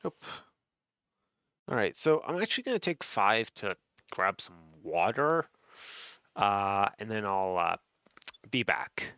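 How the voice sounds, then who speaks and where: A man's voice: lowish voice, sing-song, takes it slowly, pauses often, pushed and bright, clean tone, no echo. Rambling male game streamer, dull dry sound. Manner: rambling, many fillers and self-corrections. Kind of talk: casual gameplay chat, reading quest text aloud.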